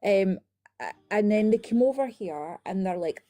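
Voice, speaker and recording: A woman chatting casually on a live stream, telling animated stories and checking in with "right?" as she goes. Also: medium pitch, moderate pace, dry recording. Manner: animated storytelling, frequent "right?" tags. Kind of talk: casual chat.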